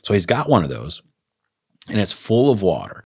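A man with a Texas accent, co-hosting a podcast and telling a story in a casual, animated way, acting out the lines he quotes. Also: sits low, normal speed, creaky, slightly rough. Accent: Texan. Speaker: podcast co-host.

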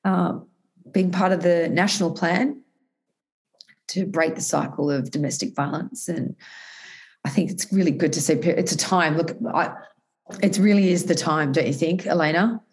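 A woman's voice: fairly low pitch, normal speed. A woman guest in a conversational interview, telling a personal story earnestly, with frequent restarts and self-corrections.

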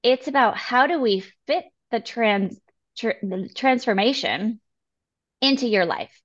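A woman co-hosting a casual health podcast, talking in an earnest, encouraging way and quoting people in quick asides. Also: fairly high pitch, expressive, lo-fi sound. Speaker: podcast co-host.

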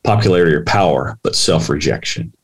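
A man hosting an interview, asking a question in a thoughtful, halting way. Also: rumbling low, slightly rough. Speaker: host.

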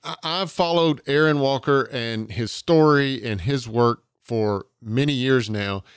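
A man's voice: mid-range voice, a little slow, smooth, no room sound, clean studio sound. A man with a Southern US accent from Georgia, hosting a podcast interview in an earnest way and often restarting his phrases. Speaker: podcast host.

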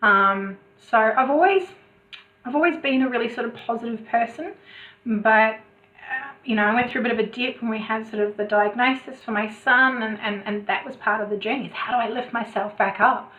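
Chatty lady guest, bit high voice, sounds like a thin phone line. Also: moderate pace. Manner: chatty, many restarts, animated asides. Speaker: podcast guest, coach. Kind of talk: casual interview chat. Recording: tinny phone-like remote call.

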